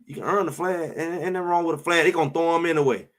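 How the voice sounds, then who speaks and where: A man's voice: on the high side, rapid-fire. Fired-up man ranting about football. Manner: fired-up, emphatic, repeats phrases. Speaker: show host. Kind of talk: heated sports talk.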